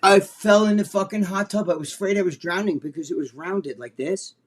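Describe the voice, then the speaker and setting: A man with a New Jersey accent co-hosting a podcast, telling a long story in a rambling, profane, animated way. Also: high-pitched, brisk, husky. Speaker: podcast co-host. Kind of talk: casual storytelling chat.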